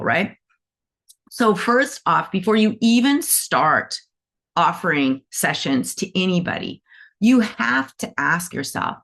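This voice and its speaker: A middle-aged woman talks to her students in a loose, chatty way, with a voice that sits a little low. She tells stories from her own life and acts out the voices of the people in them. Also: very animated, slow, a bit bright. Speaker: animal Reiki teacher. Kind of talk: casual talk to students.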